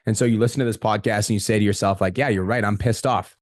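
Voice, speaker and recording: A man's voice: on the low side, steady tone, no echo, clean studio sound. A man hosting a podcast in casual chat, talking bluntly and swearing often. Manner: fast, blunt, swears a lot. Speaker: podcast host.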